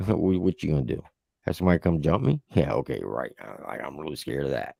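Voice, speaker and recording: A man's voice: rumbling low, quick pace, creaky, darkish tone, no echo, studio quality. A man hosting his own show, telling a heated story in a casual, profane way. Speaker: show host. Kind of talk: heated casual livestream rant.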